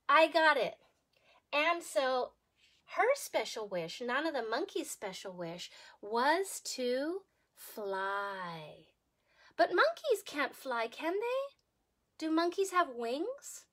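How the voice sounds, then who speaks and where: A woman preschool teacher telling a story to young children, animated and sing-song, asking them questions as she goes. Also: high voice, slow pace. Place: home.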